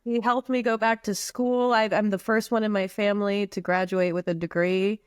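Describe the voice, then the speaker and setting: A woman's voice: mid-range voice, fairly even intonation, moderate pace, smooth, no echo. Woman guest from the U.S. Virgin Islands, candid and heartfelt, casual slang, dry close sound. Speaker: podcast guest. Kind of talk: candid personal conversation.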